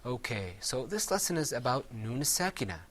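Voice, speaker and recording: A man teaching a Quran recitation class, patiently quizzing his students and drilling words slowly with them. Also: mid-range voice, big pitch swings, a bit bright, a little hiss or hum.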